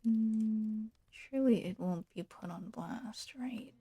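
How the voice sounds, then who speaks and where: A woman streaming from a quiet room at home, rambling and testing her own whisper out loud on a desk mic. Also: a little high, slow pace, slightly rough, no echo, faint music behind.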